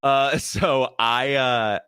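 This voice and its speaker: A young adult man, a comedian guest, telling stories in a casual interview, lively and quick to laugh. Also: mid-range voice, clean tone, no room sound, clean studio sound. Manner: animated, laughs often, acts out quoted people.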